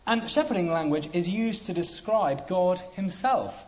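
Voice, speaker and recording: A man preaching a sermon, emphatic, with dramatic pauses. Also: high voice, expressive, darkish tone. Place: church hall. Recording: dull lo-fi sound.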